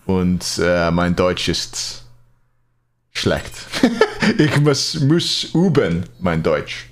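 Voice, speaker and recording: A man's voice: sits low, big pitch swings, very slow, long pauses. A Scottish man casting a live esports match, joking and chatting with viewers between plays. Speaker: esports caster.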